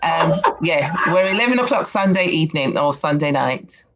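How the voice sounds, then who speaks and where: A British woman answering interview questions in a measured, deliberate way. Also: sits low, animated, heavy background noise. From United Kingdom. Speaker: interview guest.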